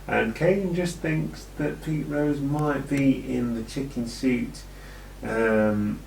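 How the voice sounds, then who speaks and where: A man's voice: medium pitch, slow pace, gravelly, a little mellow, a little hiss or hum. A British man casually reviewing an old wrestling event, rambling and joking with plenty of ums. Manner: rambling and jokey, with many ums. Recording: echoey room, distant from the mic.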